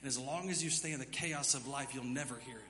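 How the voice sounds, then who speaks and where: A man preaching a sermon as pastor, dropping to a hush and then building to loud, emphatic passages. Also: medium pitch, fast, in a large hall, a little hiss or hum. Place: church sanctuary.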